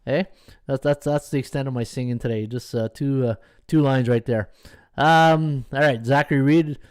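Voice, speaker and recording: A man's voice: mid-range voice, fairly even intonation, normal speed, clear, resonant tone, no room sound. Chatty man hosting a betting show. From Canada. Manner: chatty, greets viewers, many fillers. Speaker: sports betting podcast host. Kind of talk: casual live-stream chat.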